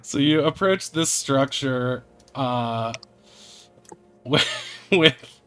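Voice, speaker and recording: A man's voice: medium pitch, lively intonation, drawn-out words, a bit bright, clear, resonant tone. A man narrating as game master of a tabletop game, chatty and laughing as he goes, with music behind him.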